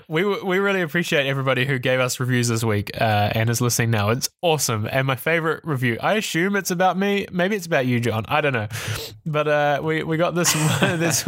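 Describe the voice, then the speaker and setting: A man co-hosting a casual tech podcast, talking in an animated, ranty way with swearing and laughter. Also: medium pitch, no room sound, clean studio sound. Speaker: podcast co-host.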